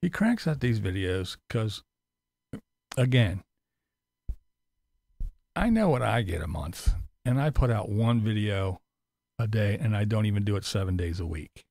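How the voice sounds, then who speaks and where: A man's voice: lowish voice, lively intonation, a little slow, vocal fry, long pauses, a little mellow, dry recording, clean studio sound. A man ranting sarcastically and profanely in a casual vlog. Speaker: vlogger.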